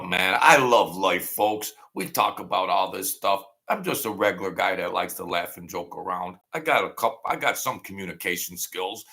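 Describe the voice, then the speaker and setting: A man in his sixties hosts a livestream, rambling casually in a sentimental, jokey way. His voice sits low and creaky, with a bright, forceful tone.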